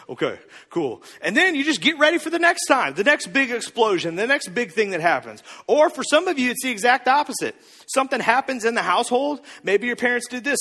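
A man preaching a sermon to a congregation, animated and joking, acting out the people he quotes in comic voices. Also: very high-pitched. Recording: long hall reverb.

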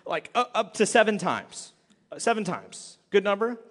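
High-voiced man preaching in a reverberant church. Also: normal speed. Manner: animated storytelling with acted quotes. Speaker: pastor. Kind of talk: sermon.

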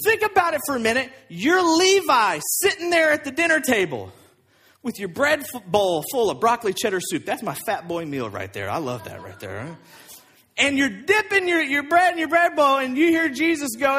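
High husky voice guy preaching, super animated, acts out the characters. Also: normal speed. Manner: animated storytelling, acting out voices of people in the story. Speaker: pastor. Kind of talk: sermon.

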